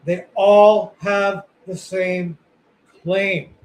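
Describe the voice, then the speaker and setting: A man's voice: high voice, level tone, extremely slow, low-quality recording. A man co-hosting a podcast, chatting casually in a rambling, blunt way with lots of fillers and the odd curse. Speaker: podcast co-host.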